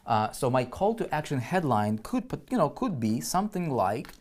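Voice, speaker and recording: A man's voice: medium pitch, big pitch swings, normal speed, a little mellow. A man teaching an online marketing lesson as a screen-share walkthrough, thinking aloud, often checking in with listeners and restarting his words. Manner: frequent restarts and repeated words.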